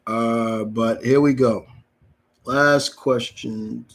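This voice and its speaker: A man's voice: mid-range voice, fairly even intonation, extremely slow. A young man hosting a live Q&A, reading out viewer questions and answering them in a casual, blunt way. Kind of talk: live Q&A chat.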